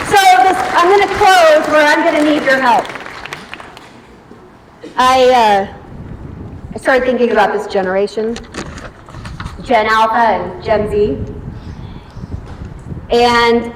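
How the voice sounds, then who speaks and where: A woman giving an animated storytelling speech to a live audience in a large hall, acting out her own reactions. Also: fairly high pitch, slight background noise. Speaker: event speaker. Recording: echoey hall from far off, faint ambience.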